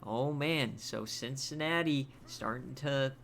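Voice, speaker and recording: A man's voice: medium pitch, takes it slowly, creaky, a bit bright, a little hiss or hum. A man calling play-by-play on a streamed college football video game, chatty and upbeat with filler words. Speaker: play-by-play commentator. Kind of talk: casual video game commentary.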